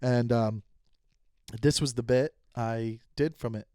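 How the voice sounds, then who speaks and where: A man's voice: medium pitch, fairly even intonation, slow pace, mellow, a little hiss or hum. A man hosting his own comedy podcast, talking in a casual, rambling, mock-earnest way and stumbling over his words.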